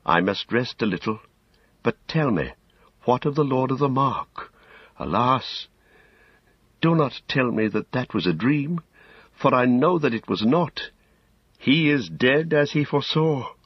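Eowyn, a man doing a soft weary shieldmaiden. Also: expressive, measured pace, long pauses, slightly rough, no echo, highs cut off. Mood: weary, wondering. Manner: soft, mournful, lifted pitch. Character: weary noble young woman warrior, shieldmaiden.

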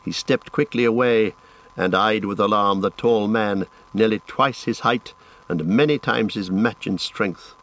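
A man with a low voice reads a fantasy novel aloud. His delivery is measured and dramatic, steady through long passages of narration. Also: low-quality recording. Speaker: audiobook narrator.

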